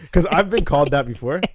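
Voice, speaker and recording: A man's voice: sits high, no echo, clean studio sound. A young man co-hosting a podcast, laid-back and chuckling through casual banter. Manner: laid-back, chuckling, reads definitions aloud. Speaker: podcast co-host.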